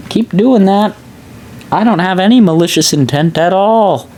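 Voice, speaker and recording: A man's voice: high-pitched, lively intonation, normal speed, warm tone, a little hiss or hum, pitched above the performer's own voice. A man voicing a sly, scheming woman caller who sarcastically pretends to be innocent. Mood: mock-innocent. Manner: mock-sweet, sarcastic.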